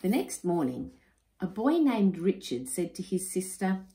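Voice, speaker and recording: A woman reading a children's picture book aloud, expressive and unhurried. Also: lowish voice, a little hiss or hum. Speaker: storyteller. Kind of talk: children's story read-aloud. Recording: roomy echo.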